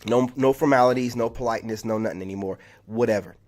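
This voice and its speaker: A man's voice: mid-range voice, quick pace, darkish tone. A man ranting in a vlog monologue, heated and exasperated, peppering his talk with "man". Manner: heated, exasperated, repetitive storytelling with lots of "man". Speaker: content creator.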